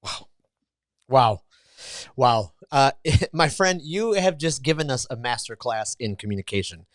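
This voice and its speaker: A podcast host on a video call, gushing with praise and then asking long, rambling questions. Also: male voice, medium pitch, lively intonation, measured pace, no room sound, clean studio sound. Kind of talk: casual interview.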